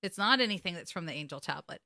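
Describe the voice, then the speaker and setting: A woman talks through a TV episode in casual podcast chat. She swears freely and gets emotional as she retells scenes. Her voice is bright and forceful, and the recording is dry and close. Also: lowish voice, lively intonation, quick pace, no echo. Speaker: podcast co-host.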